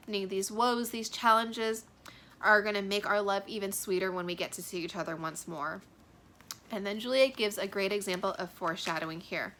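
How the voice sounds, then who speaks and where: A woman teacher explains a scene in a casual, chatty lesson, dropping in fillers as she talks. Her voice is bright and lively. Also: mid-range voice, normal speed. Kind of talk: literature lesson explaining a play.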